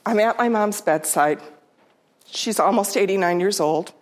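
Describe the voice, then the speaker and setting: A middle-aged woman telling a personal story to an audience, heartfelt and unhurried, sometimes dropping to a soft near-whisper. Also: mid-range voice. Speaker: storyteller speaker.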